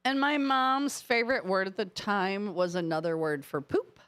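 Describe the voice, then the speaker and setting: A woman's voice: mid-range voice, moderate pace, a bit bright, clean tone. A middle-aged woman co-hosting a radio show, telling family stories in casual chat and laughing often. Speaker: radio co-host.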